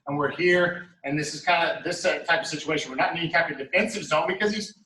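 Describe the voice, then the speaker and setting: Echoey jiu-jitsu instructor coaching a class. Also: male voice, on the high side, quick pace. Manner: steady coaching cues, talks through moves step by step. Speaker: martial arts instructor. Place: training studio. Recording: echoey room, mic at a distance.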